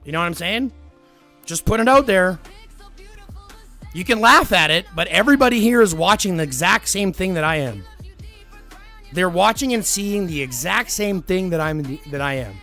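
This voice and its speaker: A man's voice: high-pitched, lively intonation, moderate pace, pauses often, sharp tone, soft background music. A man live-streaming who answers viewer comments in a blunt, profane, argumentative way.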